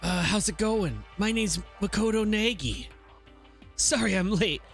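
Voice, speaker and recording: Streamer, reading visual novel aloud, brisk, matter-of-fact, lively pitch, faint music. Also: gravelly. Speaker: VTuber streamer.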